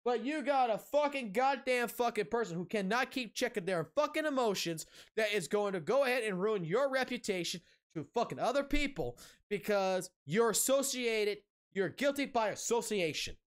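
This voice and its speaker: A man's voice: high voice, lively intonation, moderate pace. A man streaming a casual rant, angry and heavily profane, blunt, repeating himself for emphasis.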